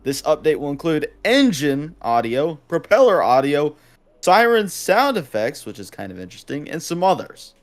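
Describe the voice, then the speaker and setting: A man with a slightly high voice reads a game announcement aloud for a podcast panel. His delivery is steady and plain. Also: moderate pace. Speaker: podcast co-host.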